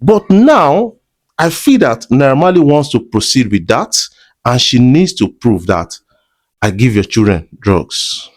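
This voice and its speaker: A man's voice: medium pitch, very animated, measured pace. A man with a Nigerian Pidgin accent giving chatty commentary to his viewers, mixing Pidgin with English. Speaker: entertainment blogger. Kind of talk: commentary vlog.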